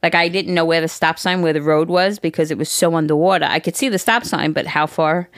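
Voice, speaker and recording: A woman's voice: low voice, fairly quick, no room sound, clean studio sound. A middle-aged woman co-hosting a podcast in casual chat, rambling with lots of "like" and "you know.". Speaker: podcast co-host.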